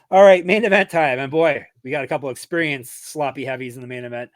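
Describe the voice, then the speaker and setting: A man hosting a betting podcast, reading sponsor ads and chatting in an energetic, self-deprecating way. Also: mid-range voice, a little fast, no echo, clean studio sound. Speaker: podcast host. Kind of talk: casual chat and ad reads.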